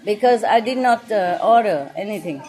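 In a noisy dining room where dishes clink, a restaurant owner chats with her guests in a mid-range voice with lively intonation at normal speed. She often laughs and jokes, speaking non-native English with a bit of French thrown in.

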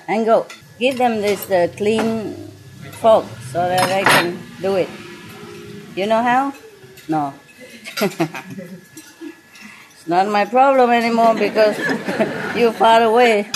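Woman, restaurant owner, chatty, laughs a lot, non-native English, slow speech, noisy room with cutlery. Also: mid-range voice. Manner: joking, laughs often, chatty. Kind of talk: casual dinner chat with guests. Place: restaurant dining table. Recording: noisy dining room with clinking dishes.

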